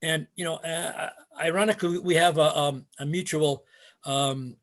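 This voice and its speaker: Rambling older man, slightly high. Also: steady tone, normal speed. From Canada. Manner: rambling, many fillers and restarts, chuckles. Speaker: guest martial arts instructor. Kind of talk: casual storytelling interview.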